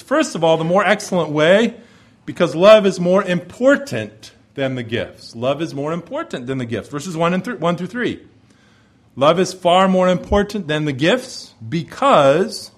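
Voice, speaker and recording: Guy preaching a sermon, kinda high voice, hammers the same phrase over and over. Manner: emphatic, repeats key phrases, acts out voices of the listeners. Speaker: pastor. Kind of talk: expository sermon.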